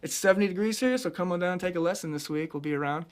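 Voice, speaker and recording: A man from central Illinois giving a casual singing lesson, chatting about head voice and breaking into high sung demonstrations. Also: rapid-fire, clear, resonant tone. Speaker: vocal coach.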